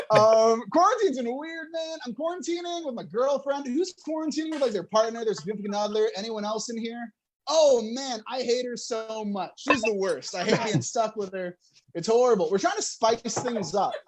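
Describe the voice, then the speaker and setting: A man's voice: very high-pitched, moderate pace. A young man doing a stand-up comedy set, talking to the crowd and laughing between jokes.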